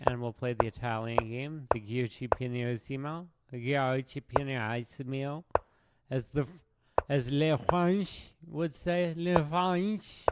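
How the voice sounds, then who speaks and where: A man streaming his chess games, commenting on the moves in a wry, rambling, self-mocking way. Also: medium pitch. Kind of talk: casual live game commentary. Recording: loud background noise.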